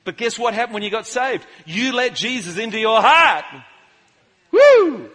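A man preaching a lively church sermon, animated and jokey, calling out to the congregation. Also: very high voice, brisk. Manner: animated, jokey, shouts out to the crowd. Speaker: pastor. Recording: live sermon in a reverberant church hall.

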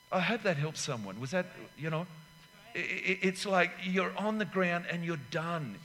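A man's voice: sits high, pushed and bright, long reverb tail, a little hiss or hum. A man in his sixties preaching a sermon as pastor, emphatic and rambling, with asides where he acts out little scenes.

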